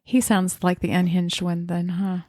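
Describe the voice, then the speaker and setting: A woman's voice: fairly low pitch, level tone, normal speed, a little mellow, no echo, clean studio sound. A woman co-hosting a podcast, chiming in with short reactions and quips. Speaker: podcast co-host. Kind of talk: casual chat.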